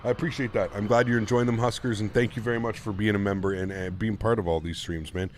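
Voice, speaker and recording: A man's voice: on the low side, steady tone, quick pace, a little hiss or hum. A man streaming a flight simulator, chatting casually and thanking his viewers in a friendly way. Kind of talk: casual livestream commentary.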